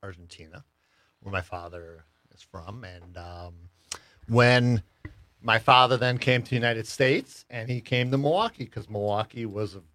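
A middle-aged man, a business owner, speaking as a guest in a radio studio in an easygoing, halting way with many fillers. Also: medium pitch, fairly bright tone, no room sound. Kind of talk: radio interview conversation. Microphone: studio microphone.

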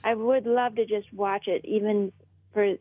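A woman comedian chatting on a radio show, animated and rambling, laughing as she talks. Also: medium pitch, a little slow, breathy edge, narrow, tinny audio. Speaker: comedian guest. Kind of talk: casual radio chat.

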